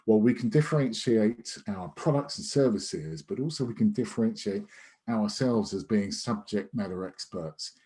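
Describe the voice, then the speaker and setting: Low, mellow-voiced sales trainer man. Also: moderate pace. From United Kingdom. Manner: conversational, emphatic, with many restarts and fillers. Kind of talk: online masterclass lecture. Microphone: video call.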